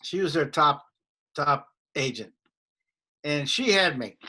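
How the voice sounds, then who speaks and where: A man in his sixties, a comedian guest telling anecdotes in an animated way in a casual interview. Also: a little high, slow pace.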